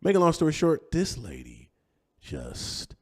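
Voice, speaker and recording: A man telling an animated, slangy personal story as a guest on a podcast interview. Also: a little high, measured pace, slightly rough.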